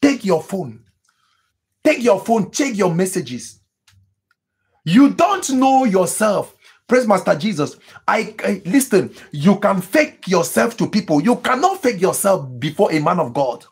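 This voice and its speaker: High, gravelly, husky preaching man. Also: very animated, measured pace. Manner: emphatic preaching with repetitions and sudden high exclamations; mimics people praying in tongues. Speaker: pastor. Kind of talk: sermon.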